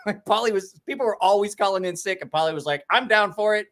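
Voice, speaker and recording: Man in his 40s, brisk rambling storyteller, lots of cussing, voice a touch high. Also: expressive, fairly bright tone. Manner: rambling storyteller, swears constantly, laughs often. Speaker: podcast host. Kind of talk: casual profane chat.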